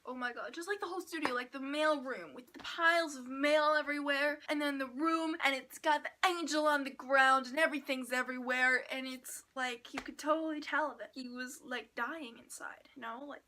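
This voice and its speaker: A young woman chatting casually to camera about a novel she loved, gushing and excitable, dropping into whispers when quoting. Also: high voice, moderate pace, hardly any pauses, a little hiss or hum. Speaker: book vlogger. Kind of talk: casual book review chat.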